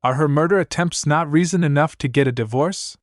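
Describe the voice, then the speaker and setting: A man putting on a shrill scheming young mistress. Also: fairly quick, dry recording, clean studio sound, lightly acted. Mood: tearful.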